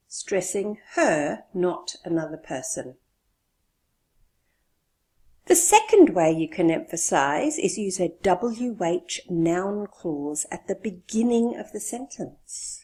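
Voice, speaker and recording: Slow, expressive woman teaching English. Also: fairly low pitch. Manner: slow, deliberate, stresses key words. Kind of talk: scripted lesson explanation.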